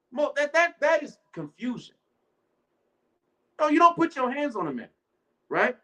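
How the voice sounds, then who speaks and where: A man's voice: very high-pitched, sing-song, pushed and bright, rough recording. A man preaching an informal sermon, talking loosely and constantly checking in with his listeners. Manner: loose, rhetorical, keeps asking "right?"; reads scripture slowly and deliberately.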